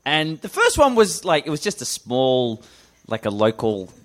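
An Australian man, a guest comedian, telling animated anecdotes in casual podcast chat and acting out the people in them. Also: mid-range voice, unhurried.

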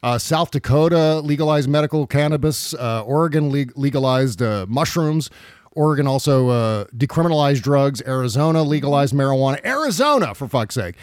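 A man's voice: medium pitch, animated, fairly quick, dry recording, clean studio sound. A man hosting a political chat podcast from home, wry and profane, laughing often. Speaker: podcast host.

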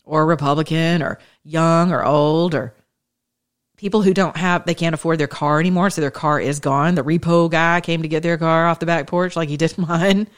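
A woman's voice: deep voice, steady tone, normal speed. A woman in her thirties giving an informal, conversational sermon with impassioned, shifting pace. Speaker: preacher.

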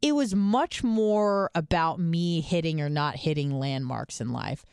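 A woman co-hosting a talk podcast, rambling through stories in relaxed, unfiltered chat with plenty of swearing. Her voice sits a little low for a woman, and the recording is close and dry. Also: measured pace, clear, resonant tone, no echo. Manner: chatty storytelling, swears freely. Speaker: podcast co-host. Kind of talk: casual chat.

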